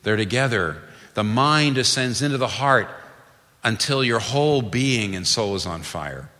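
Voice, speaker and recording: A man's voice: mid-range voice, lively intonation, a little slow, pushed and bright. A man preaching a sermon earnestly and emphatically, often restarting his phrases as he builds a point. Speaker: pastor. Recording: long reverb of a large hall.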